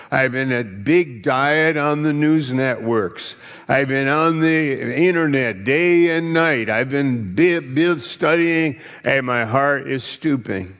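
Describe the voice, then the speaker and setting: Male pastor, unhurried and playful sermon delivery; long hall reverb. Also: mid-range voice, a bit bright. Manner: playful, teasing congregation. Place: large church hall.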